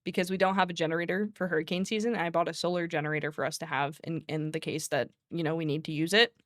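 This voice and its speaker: A woman's voice: deep voice, steady tone, quick pace, a bit bright, no echo, clean studio sound. A woman streamer in casual chat from her home, giggly and rambling, calling herself nervous.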